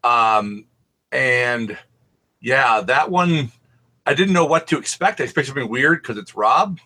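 A man's voice: medium pitch, animated, a little slow, pushed and bright, husky. A man co-hosting a podcast, telling rambling anecdotes in casual chat and swearing freely. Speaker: podcast co-host.

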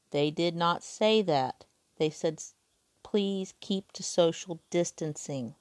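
A woman's voice: medium pitch, no room sound, clean studio sound. A woman reading a Bible passage aloud and then talking it through casually and earnestly, with some restarts. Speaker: podcast host.

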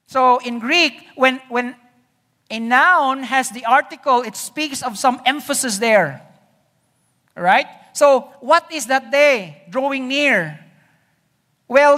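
Slow, bright-voiced pastor preaching. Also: medium pitch. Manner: conversational, often checks in with the congregation. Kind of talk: teaching sermon. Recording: long hall reverb.

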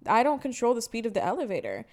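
A woman in her twenties co-hosting a podcast, chatting casually and telling animated stories with acted-out quotes. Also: on the high side, quick pace. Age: 20s. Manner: animated storytelling, acts out quotes. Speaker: podcast co-host. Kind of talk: casual chat.

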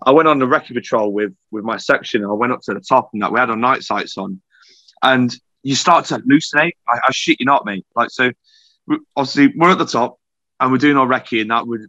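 A man's voice: medium pitch, fairly quick, bright, forceful tone, no room sound, muffled recording. Young man telling army stories. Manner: swears a lot, tells stories animatedly. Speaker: podcast guest. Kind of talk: casual storytelling chat.

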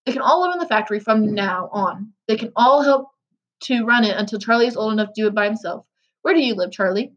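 An eccentric old candy maker who talks in a brisk, lively way, as a woman reads him. The voice sits fairly high for her. The recording sounds dull and lo-fi. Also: lightly acted.

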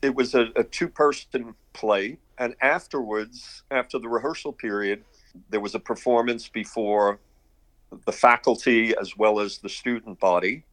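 An older man from Brooklyn spins long, rambling stories from his past as a guest. He chuckles here and there, and his voice sits at an ordinary middle pitch for a man. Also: normal speed, fairly bright tone, no room sound. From Brooklyn, New York. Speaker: guest, artist and director. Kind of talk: casual interview storytelling.

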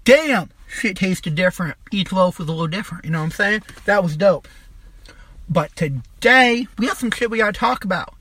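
A young adult riffs through a profane comedy rant, sneering at targets and swearing nearly every line. The voice sits bright and forward. The recording is dry and close, with no room sound. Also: medium pitch, animated, moderate pace, husky, no echo. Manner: crude, mocking, swears constantly, trails off and restarts. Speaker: podcast host.

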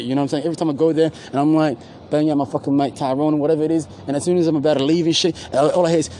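Fast-talking man, dark mellow tone, profane rambling host, faint street noise behind. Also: fairly high pitch, fairly even intonation, rough recording. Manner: rambling, profane, loses his words, slangy. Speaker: podcast co-host. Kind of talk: casual profane street chat. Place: outdoors at a university campus.

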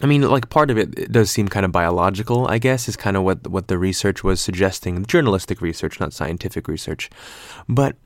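A man's voice: deep voice, no room sound. A man in his twenties talking casually on his own, rambling with lots of fillers and loose slang. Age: 20s. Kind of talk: casual monologue.

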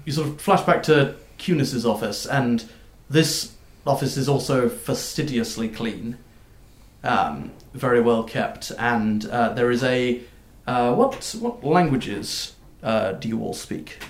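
A man narrating as game master of a tabletop game, halting and full of fillers. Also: medium pitch, animated, roomy sound. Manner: halting, with many fillers and restarts.

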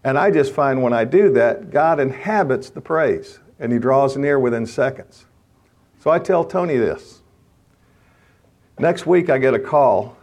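A man's voice: mid-range voice, expressive, measured pace, a little mellow. A middle-aged man giving a sermon-style talk to men, telling stories and rising to fervent prayer. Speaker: chaplain speaking to men.

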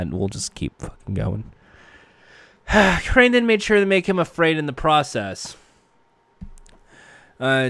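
Animated man, jokey recap, swears a lot, dry close sound. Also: on the high side, dry recording. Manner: jokey, profane, self-mocking asides. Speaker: show recap host. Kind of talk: casual show recap and reaction.

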